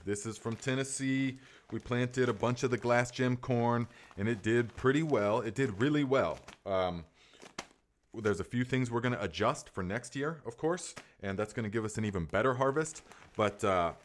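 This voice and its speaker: A man's voice: mid-range voice, a little slow. A middle-aged man hosting a live gardening Q&A, rambling and enthusiastic, full of fillers and restarts. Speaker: gardening podcast host. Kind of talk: casual live Q&A chat.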